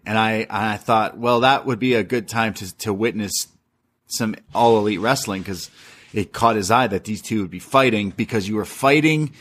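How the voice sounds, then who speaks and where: Low-voiced man recapping casually. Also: moderate pace, a bit bright. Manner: rambling, laughs often, recounts quotes. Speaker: podcast co-host. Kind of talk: casual wrestling recap chat.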